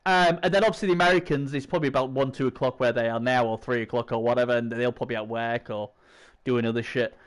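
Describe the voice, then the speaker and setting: A man's voice: mid-range voice, steady tone, fast. A man, hosting a stream in rambling, chatty banter. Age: 40s. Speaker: stream host. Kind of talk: casual chat.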